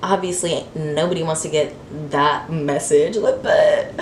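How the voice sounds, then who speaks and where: A young woman vlogger telling a story in an animated, dramatic way, full of fillers. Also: low voice, slow. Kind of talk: storytime vlog. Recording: roomy echo with faint hiss.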